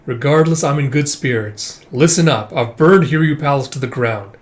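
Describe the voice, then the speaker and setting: A man reading the lines of an arrogant, ruthless male emperor in a commanding, sometimes slow and menacing way. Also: medium pitch, lightly acted. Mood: imperious.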